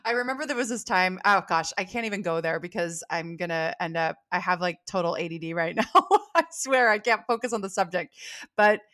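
A woman's voice: on the low side, a little fast, a bit bright, no room sound, studio quality. Bubbly, chatty woman host. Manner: bubbly, laughs often, chatty. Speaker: podcast host and salon owner. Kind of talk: casual chat.

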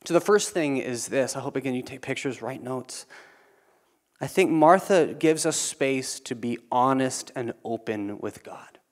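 A man preaching a sermon in a casual, conversational way, swinging between loud emphatic lines and quiet, low asides. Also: a little slow. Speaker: pastor.

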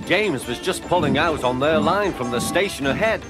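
A man narrating a children's train story in an expressive, animated way. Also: a little high, moderate pace, few pauses. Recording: narration over clear music.

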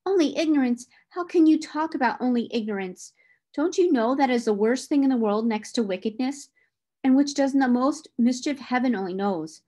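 A woman reading the part of John, a stable groom who is upset and stern, her pitch rising when he grows indignant. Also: brisk, darkish tone, lightly acted.

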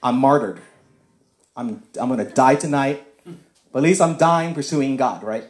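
A man telling a personal faith testimony as casual talk, acting out both sides of a conversation with lively shifts of voice. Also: mid-range voice, moderate pace, roomy sound. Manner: acts out dialogue with shifting voices. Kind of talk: animated storytelling testimony.

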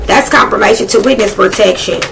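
Profane, excitable woman tarot reader. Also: medium pitch, a little fast, gravelly, noisy background. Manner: profane, blunt and excitable, talking to spirit. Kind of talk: casual live tarot reading.

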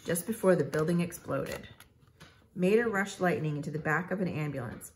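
A woman reading a children's storybook aloud in a measured, expressive way. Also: sits low, a little hiss or hum. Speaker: narrator.

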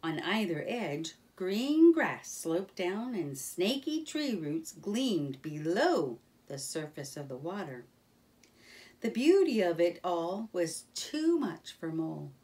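A woman reading a children's storybook aloud in a gentle, expressive manner. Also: fairly low pitch, distant mic.

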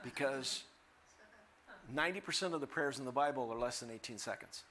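An older man preaching a sermon as a guest speaker, animated and humorous, acting out the voices he quotes. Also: mid-range voice, a little fast.

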